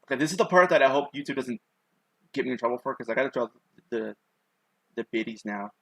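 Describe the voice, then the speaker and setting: A man's voice: medium pitch, animated, fast, fairly bright tone, no echo, low-quality recording. A young male streamer chatting while he sketches, on a dry, close mic. He tells stories in a loose, rambling way, packed with "like" fillers, and he pokes fun at himself as he goes. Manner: rambling, with many "like" fillers and self-mocking asides. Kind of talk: casual storytelling while drawing on a live stream.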